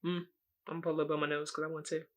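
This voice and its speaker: A young woman telling a drama story while doing her makeup, animated and swearing, acting out what she said. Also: low-pitched, very fast. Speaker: beauty vlogger. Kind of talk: get-ready-with-me story time.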